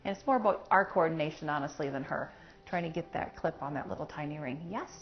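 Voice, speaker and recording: A woman's voice: sits low, quick pace, dull audio, slight background noise. A woman dog trainer explaining steps in a practical way while working with a puppy at home. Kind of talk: hands-on training lesson.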